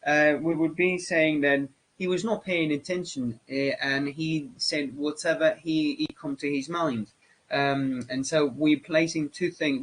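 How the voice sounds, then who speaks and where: A man whose first language is Spanish, lecturing on English grammar as a teacher, halting with many fillers and restarts. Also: a little high, a bit bright, slightly rough, low-quality recording.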